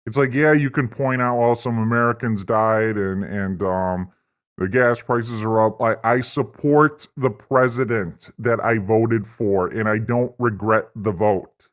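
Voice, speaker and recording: A man's voice: on the low side, unhurried. A man hosting a livestream, delivering a profane, rambling, mock-earnest political rant. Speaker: livestream host. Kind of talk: satirical political stream rant.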